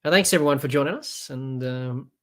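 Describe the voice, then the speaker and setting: Man calling cricket, casual and halting. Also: medium pitch, a bit bright. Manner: unscripted, halting with fillers and restarts. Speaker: podcast host doing live match commentary. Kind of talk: casual play-by-play cricket commentary.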